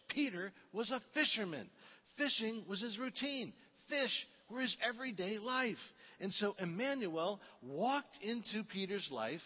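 A man preaching a sermon in a relaxed, storytelling way, with frequent fillers. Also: sits high. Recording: reverberant, dull lo-fi.

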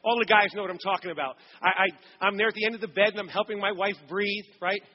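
A middle-aged man preaching a sermon, praying and telling a story with animated storytelling and acted-out voices. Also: high-pitched, fast talker, long reverb tail, dull audio. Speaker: pastor. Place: church sanctuary.

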